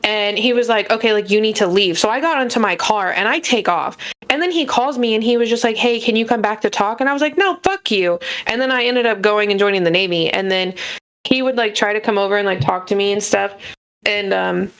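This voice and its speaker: A young woman chatting on a podcast, telling her own stories in a frank, animated way. Her voice sits in an ordinary middle range and she swears without holding back. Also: medium pitch, a little fast, smooth. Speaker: podcast co-host. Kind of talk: casual storytelling chat.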